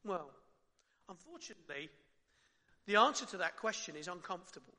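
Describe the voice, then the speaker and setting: High bright-voiced preacher in a reverberant hall. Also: male voice, big pitch swings, a little fast. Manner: conversational, with rhetorical questions and soft drops. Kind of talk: sermon.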